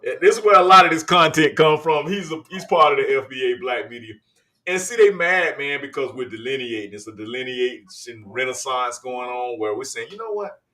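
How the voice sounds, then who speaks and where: A man's voice: medium pitch, a little fast, bright, forceful tone. A man from the United States hosting casual commentary on video clips, chatty and loose, talking to viewers as y'all. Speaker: host.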